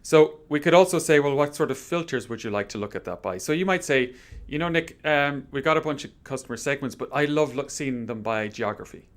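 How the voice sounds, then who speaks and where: A man's voice: medium pitch, lively intonation, fairly quick. Chatty guy presenting on a live stream, upbeat, cracks little jokes. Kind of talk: live stream workshop explanation.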